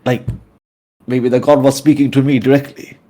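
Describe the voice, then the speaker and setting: A man's voice: mid-range voice, flat delivery, moderate pace, dark tone. A man playing a tabletop game, speaking in character with rambling, hesitant phrasing and many fillers. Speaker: tabletop player. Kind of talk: in-character roleplay.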